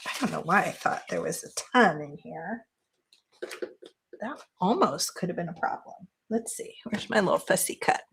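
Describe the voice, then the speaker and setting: A woman's voice: lively intonation, moderate pace, gravelly, a bit bright, slightly rough. A woman hosting a casual crafting chat, talking easily to her viewers and cooing at her cat in between. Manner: chatty, slips into high baby talk with her cat. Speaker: craft channel host.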